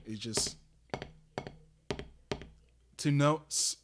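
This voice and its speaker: Guy doing a slow drum lesson on stream, lots of ums and restarts, noisy mic in the background. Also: on the high side. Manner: halting, with many fillers and restarts, explaining step by step. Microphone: desk microphone that peaks on loud drum hits.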